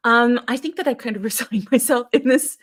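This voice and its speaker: A woman co-hosting a casual talk show who often laughs at herself and lets her sentences trail off softly. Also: on the high side, a little fast. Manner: giggly, self-deprecating, trails off quietly. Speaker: podcast co-host. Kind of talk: casual chat.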